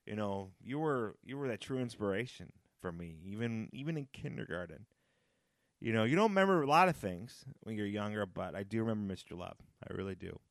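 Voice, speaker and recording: A man in his thirties talks alone on his podcast in a low voice that swings widely, leaping high and loud when he gets excited. He rambles and reminisces in a casual, nostalgic way. The recording is dry and close, with no room sound. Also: no echo. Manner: rambling, nostalgic, with sudden high-pitched outbursts. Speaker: podcast host. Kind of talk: casual solo podcast monologue.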